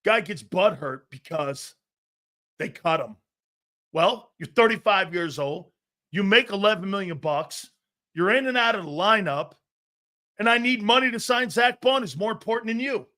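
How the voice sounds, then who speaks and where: A fired-up man delivers a profane sports rant, hammering his points home with heavy emphasis. His voice sits high for a man and leaps up and down with animated swings. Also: moderate pace. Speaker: sports commentator.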